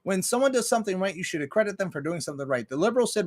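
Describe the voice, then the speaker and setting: A man with a slightly high voice runs a casual livestream and fires off a profane, argumentative rant. He keeps it blunt and combative, pausing now and then to greet viewers and read their messages aloud. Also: expressive. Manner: reads viewer chat aloud. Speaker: livestream host. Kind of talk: casual ranting commentary.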